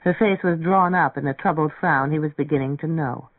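A man narrating an audiobook in a measured, even way. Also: a little high, no room sound. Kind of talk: audiobook reading. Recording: dry, phone-like narrow sound.

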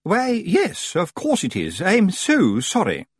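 A grand, gushing witch who drawls every word with lofty affectation, as a male narrator puts her on. The voice soars high and swoops dramatically, with a husky edge, recorded close and dry. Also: wildly swooping pitch, no echo, exaggerated voice. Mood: pompous. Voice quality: falsetto, drawn-out and affected. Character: haughty pompous witch woman, gushing and grand.

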